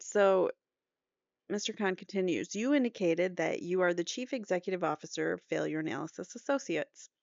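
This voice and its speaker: A woman's voice: lowish voice, vocal fry, darkish tone, no room sound, highs cut off. Woman reading court transcript with asides. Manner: reads both sides of testimony aloud, breaks off with joking asides and laughs.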